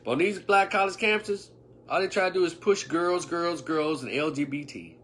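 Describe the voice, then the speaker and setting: In a casual livestream opinion talk, a fifty-something online commentator sounds emphatic and preachy, tossing in sarcasm and muttered asides. His fairly high voice is a bit bright, at a moderate pace, with slight background noise.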